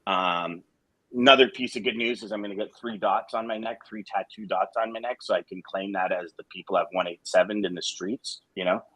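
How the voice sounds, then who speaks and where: A man's voice: on the low side, fairly even intonation, brisk, fairly bright tone, dry recording, rough recording. A man co-hosting a live show, talking to listeners frankly and with emotion, with blunt swearing and jokes. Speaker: co-host of a live sales morning show. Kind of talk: candid casual talk to listeners.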